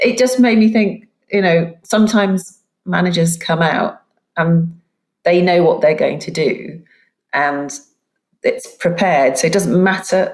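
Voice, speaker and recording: Woman, lowish voice, dry wit, football chat, echoey recording. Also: darkish tone. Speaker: podcast panelist.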